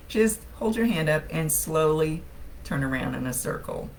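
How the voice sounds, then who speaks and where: A woman talking through a live psychic reading in a relaxed, chatty way. Her voice carries a gravelly fry, and she laughs often. A faint noise sits under her voice. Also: sits low, slow pace, long pauses. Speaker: psychic medium. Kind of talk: live-streamed reading, casual chat.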